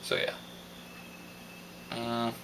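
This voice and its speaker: A man's voice: extremely slow, background noise. A young man from Hawaii recording a casual video diary, rambling and hesitant with lots of fillers. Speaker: vlogger.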